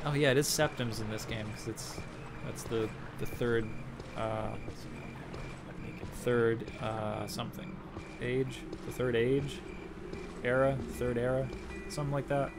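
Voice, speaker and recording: A man's voice: medium pitch, noisy background. A young man streaming a game, rambling and joking as he thinks aloud while playing. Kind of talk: casual gameplay commentary.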